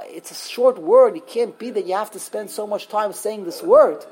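A woman's voice: mid-range voice, dark tone. A woman teaching a text study class, explaining grammar and sounding out words syllable by syllable. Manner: explanatory, sounds out syllables slowly, frequent restarts.

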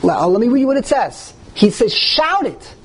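High-voiced man lecturing emphatically. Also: fast talker, a crowd in the background. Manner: emphatic, animated, reads texts aloud and explains them. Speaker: religious teacher. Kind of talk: lecture to a live group.

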